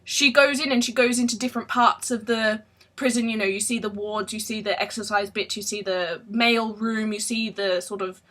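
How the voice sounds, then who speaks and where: A woman's voice: mid-range voice, steady tone, moderate pace, a bit bright. A woman giving a casual book review vlog, chatty, with lots of ums and restarts.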